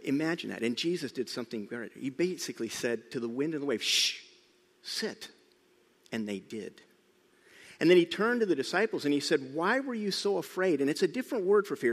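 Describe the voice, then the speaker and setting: A middle-aged man preaching a sermon, telling the story with lively emphasis, sometimes loud and sometimes hushed. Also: fairly high pitch. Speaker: pastor. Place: church sanctuary. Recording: church hall reverb.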